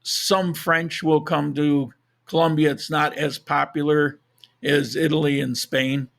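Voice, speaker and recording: A man with a hoarse, froggy voice and a gravelly edge hosts a live podcast from a desk mic, a little higher-pitched than most men. He chats casually, rambling and restarting his sentences. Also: level tone, unhurried, fairly bright tone. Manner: rambling, self-correcting, chuckles at own jokes. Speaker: podcast host. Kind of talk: casual live-stream chat.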